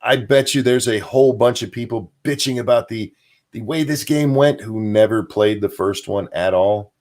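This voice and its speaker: His voice is mid-range with a slightly dark tone, and he talks at an ordinary pace. As host of a casual livestream, he rambles through viewers' comments, chuckling and dropping fillers, and replies aloud to both chat and donations.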